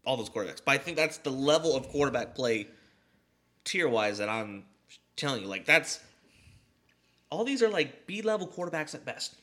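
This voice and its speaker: Lively, bright-voiced male podcast co-host. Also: mid-range voice, moderate pace, pauses often. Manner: animated, acts out quotes in a mock calm voice. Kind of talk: casual sports chat.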